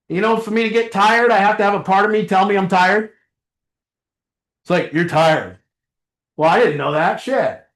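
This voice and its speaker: High-pitched and fairly bright, a middle-aged man's voice reverberates as he chats informally with a small recovery group in a meeting room. He acts out little dialogues with a chuckle during his motivational talk.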